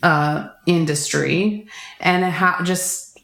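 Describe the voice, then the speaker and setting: A woman hosting a casual chat, responding with sympathy and reflecting calmly. Her voice sits fairly low. The room around her is echoey. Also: very slow, gravelly. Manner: sympathetic interjections. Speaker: podcast host.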